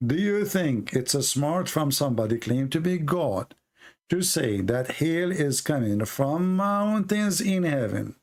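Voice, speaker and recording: Blunt, sarcastic man with a gravelly voice. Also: fairly high pitch, big pitch swings, a little slow, a little mellow. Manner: blunt, sarcastic, presses the caller with repeated questions. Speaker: debate host. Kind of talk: live call-in debate.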